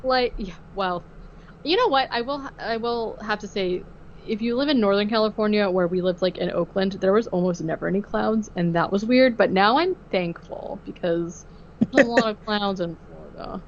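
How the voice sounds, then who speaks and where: A woman of middling pitch co-hosts a casual podcast, walking through a film scene by scene. She talks chattily with many fillers, and the recording is a touch muffled with a faint hiss underneath. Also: normal speed. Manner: chatty, filler-heavy, laughs easily. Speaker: podcast host. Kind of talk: casual film-recap chat.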